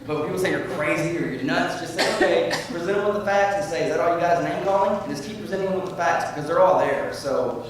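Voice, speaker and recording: A man's voice: fairly high pitch, fast, few pauses, noisy background. Man, impassioned public comment, rambling and heated, meeting room, distant mic, echoey. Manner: rambling, grows loud and heated. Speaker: public forum speaker.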